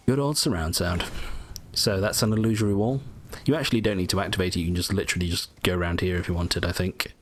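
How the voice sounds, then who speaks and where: A man's voice: low voice, steady tone, fast, slight background noise. Chatty man narrating his gameplay. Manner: chatty, explains tips while playing, mutters asides. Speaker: gameplay walkthrough host. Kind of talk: casual game commentary.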